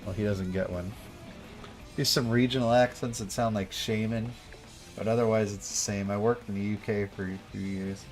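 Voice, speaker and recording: A man's voice: on the low side, steady tone, normal speed, faint music behind. A young man streaming a game, chatting casually in a laid-back, rambling way full of slang. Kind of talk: casual gameplay chat.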